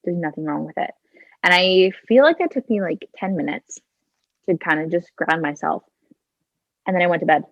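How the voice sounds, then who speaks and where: A woman's voice: fairly low pitch, lively intonation, moderate pace, pauses often, dry recording, dull audio. A woman in her twenties, a podcast guest telling a personal story in a chatty way, leaning on "like" and "kinda" and acting out her own thoughts, speaking into a handheld phone. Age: 20s.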